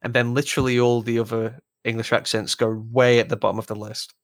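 A young man with a rough Lancashire accent, chatting casually as a podcast co-host, sweary and self-deprecating. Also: mid-range voice, little pitch movement, quick pace, dry recording, studio quality. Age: young adult. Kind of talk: casual chat.

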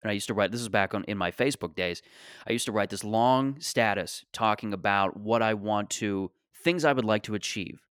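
A man's voice: on the low side, a little fast, a bit bright, clear, resonant tone, no echo, studio quality. A man in his late twenties hosting a solo podcast, talking casually in a rambling, joking, self-deprecating way. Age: 20s. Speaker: podcast host.

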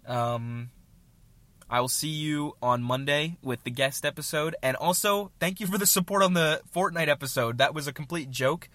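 A man's voice: a little high, moderate pace, fairly bright tone, no echo. A young man hosting his own show, telling a rambling, self-mocking story in casual chat with jokey asides. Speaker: podcast host.

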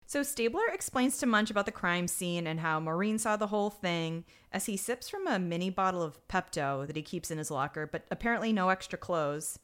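A woman's voice: on the low side, brisk, few pauses. A young woman co-hosting a podcast, wryly recapping a TV episode in casual chat and mimicking the characters. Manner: wry, expressive, mimics yelling characters. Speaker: podcast co-host.

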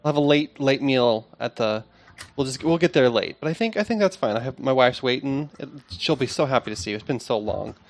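A man voicing a friendly, hurried middle-aged man in a tabletop game, chatting in a rambling way. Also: mid-range voice, close to an everyday voice. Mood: warm, hurried.

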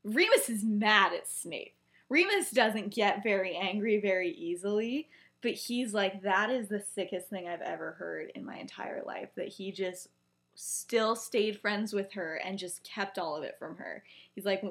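A woman podcast co-host casually retelling a story, chatty and full of fillers, rising into animated bursts. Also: medium pitch, normal speed.

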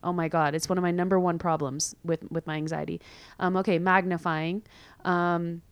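Chatty young woman podcaster, low voice. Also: little pitch movement, normal speed, clean tone, no echo. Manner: chatty, filler-heavy, candid, laughs easily. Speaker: podcast host. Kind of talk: casual solo podcast chat.

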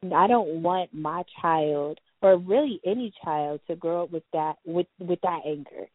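Brief: woman host, lowish voice, affirming, casual; phone-thin, dry recording. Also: moderate pace. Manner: affirming, echoes agreement. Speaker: podcast host. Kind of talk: casual chat. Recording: tinny phone-like sound, dry.

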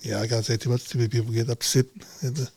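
A man's voice: mid-range voice, level tone, rapid-fire, gravelly, darkish tone, breathy edge, no echo. A man, a businessman guest in a casual podcast chat, talking bluntly, swearing freely and acting out little exchanges. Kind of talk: casual conversation.

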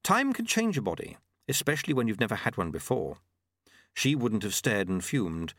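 A man narrating a fantasy novel with an animated, rising-and-falling delivery. The recording is close and dry, with no room sound. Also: fairly low pitch, normal speed, no echo. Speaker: audiobook narrator. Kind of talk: scripted narration.

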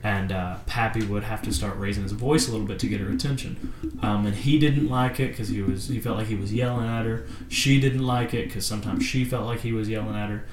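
A man, a groom-to-be, telling family stories earnestly in a relaxed podcast chat. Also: fairly low pitch, brisk, a little hiss or hum. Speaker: guest, groom-to-be. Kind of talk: casual storytelling on a podcast. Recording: roomy echo.

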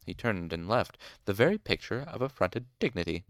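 A man reading a novel aloud in first person, with wry, measured storytelling. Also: on the low side, sing-song, clear, resonant tone, dry recording, clean studio sound. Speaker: audiobook reader.

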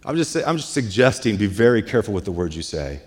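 A man's voice: on the low side, very animated, quick pace. A man preaching a sermon as pastor, retelling scripture in a loose, conversational way full of "like" and "hey". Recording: long reverb of a large hall.

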